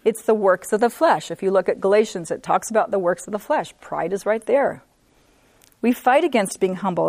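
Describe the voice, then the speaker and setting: A woman teaching a women's Bible study, earnest, repeating points for emphasis and reading scripture slowly. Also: medium pitch, no echo.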